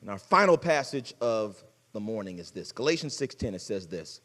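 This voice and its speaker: A man preaching a sermon as pastor, conversational and folksy, swinging between loud exhortation and hushed asides. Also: on the low side, big pitch swings, moderate pace, in a large hall. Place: church sanctuary.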